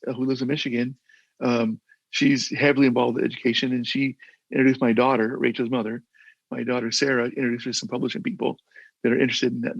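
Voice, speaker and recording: Older male guest, husky and gravelly, earnest rambling storyteller, dull video-call sound. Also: mid-range voice, dry recording. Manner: earnest, rambling with many restarts. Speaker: guest, former mayor. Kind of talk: casual interview storytelling.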